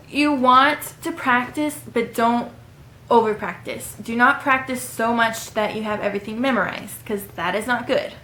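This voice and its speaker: A woman's voice: fairly high pitch, a bit bright, slight background noise. A woman in her twenties giving casual advice in a vlog, chatty and rambling with frequent ums. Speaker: vlogger. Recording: echoey room.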